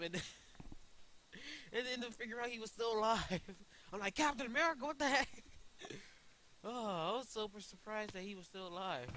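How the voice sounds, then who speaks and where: A young man giving excitable live commentary over his own gameplay, often yelping and laughing. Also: sits high, slight background noise, rough recording. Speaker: gaming YouTuber.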